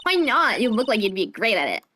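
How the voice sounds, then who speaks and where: A woman voicing a cheerful young woman sidekick who yelps excitedly. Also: fairly high pitch, brisk, a little hiss or hum. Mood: teasing. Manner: excitable, yelping.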